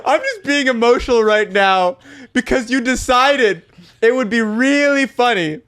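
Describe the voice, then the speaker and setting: A man's voice: very high voice, lively intonation, a little slow, heavy background noise. A man co-hosting a podcast, chatting in a teasing, mock-dramatic way. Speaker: podcast co-host. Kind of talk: casual comedic chat.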